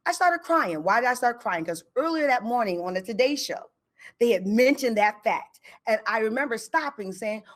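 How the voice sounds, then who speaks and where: A woman telling a personal story on stage, with a middle-pitched voice. She talks in a lively, conversational way and slips into the voices of the people she quotes. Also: moderate pace.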